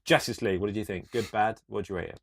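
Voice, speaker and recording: Low-voiced laid-back young man. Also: fast, creaky, husky, dry recording. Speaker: podcast co-host. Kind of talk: casual livestream chat.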